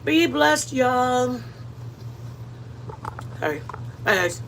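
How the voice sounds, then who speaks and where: Loud, playful woman, high voice. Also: extremely slow, creaky, a little hiss or hum, poor audio. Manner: lively, loud, playful, laughing. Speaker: cooking vlog host. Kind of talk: casual cooking chat with viewers.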